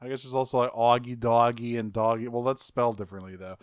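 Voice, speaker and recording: A man's voice: medium pitch, little pitch movement, fast talker, clear, resonant tone, no room sound, studio quality. A man co-hosting a podcast, recapping a cartoon in laid-back, joking chat with some swearing. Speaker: podcast co-host.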